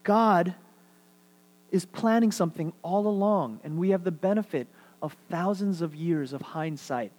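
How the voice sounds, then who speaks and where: Animated male preacher, somewhat high voice. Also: a little slow. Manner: animated preaching, swings between loud emphasis and quiet asides; repeats phrases for emphasis. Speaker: pastor. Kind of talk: sermon.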